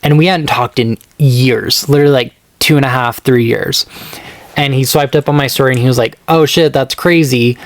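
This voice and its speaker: A man's voice: steady tone, fairly quick, no room sound. A man co-hosting a podcast, telling a personal story in a casual, rambling way, full of fillers and acted-out quotes. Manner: rambling, filler-heavy, acts out quoted texts in a higher voice. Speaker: podcast co-host.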